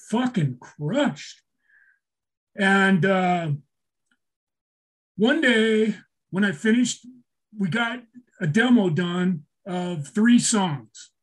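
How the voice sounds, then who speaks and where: An older man telling a story in casual talk, swearing a lot, getting emotional and restarting his sentences. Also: sits high. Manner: emotional, swears often, repeats himself. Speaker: storyteller guest.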